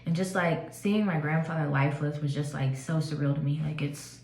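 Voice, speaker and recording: A woman's voice: deep voice, fairly even intonation, moderate pace, a little mellow. A woman in her twenties telling a personal story in a casual, chatty vlog, with lots of "like" and fillers. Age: 20s. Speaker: vlogger. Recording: echoey room.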